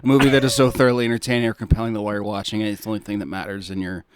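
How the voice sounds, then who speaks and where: A man co-hosting a casual movie podcast, sounding sleepy and low-key, often trailing off into mumbles. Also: flat delivery, racing, clean tone. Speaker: podcast co-host.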